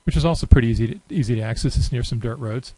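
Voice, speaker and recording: A man giving a relaxed, unscripted screen-recorded software tutorial, thinking aloud with many fillers. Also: medium pitch, rapid-fire, breathy edge, rough recording. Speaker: software demonstrator.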